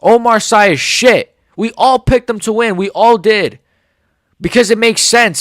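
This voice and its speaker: Angry high-voiced man in his forties. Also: animated, moderate pace, a bit bright, no room sound, clean studio sound. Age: 40s. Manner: sarcastic, swearing, heated. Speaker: MMA commentator. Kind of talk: angry reaction rant.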